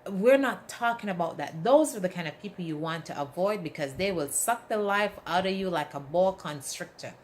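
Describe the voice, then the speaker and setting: A woman's voice: on the low side, moderate pace, hardly any pauses, slight background noise. Emphatic woman giving an inspirational talk. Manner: emphatic, asks the audience "right?"; animated storytelling with acted quotes. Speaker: motivational speaker.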